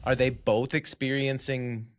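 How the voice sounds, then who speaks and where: A man on a podcast, asking halting, curious questions in casual chat. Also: mid-range voice, flat delivery, dry recording, clean studio sound. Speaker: podcast guest.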